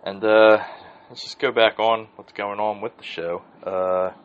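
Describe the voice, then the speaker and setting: Low-voiced man rambling profanely as podcast host. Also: little pitch movement, unhurried, muffled recording, a little hiss or hum. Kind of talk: casual solo podcast monologue.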